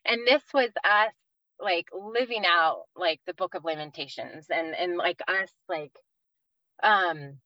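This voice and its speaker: A woman in her thirties from the East Coast of the United States appears as a podcast guest, earnestly sharing a personal faith story with many fillers. Her voice is on the low side and her pace measured, and the audio is dull with no echo.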